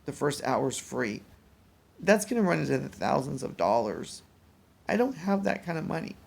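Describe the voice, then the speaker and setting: A mentally exhausted man talking in a casual personal vlog, weary and rambling, with halting restarts. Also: medium pitch, big pitch swings, gravelly, breathy edge. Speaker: vlogger.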